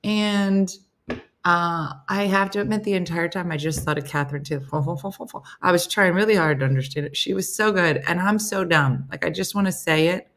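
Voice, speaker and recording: This middle-aged American host runs a relaxed live morning stream, chatting with commenters by name and cracking self-deprecating jokes. Her lowish voice has a fairly bright tone and moves at a normal speed.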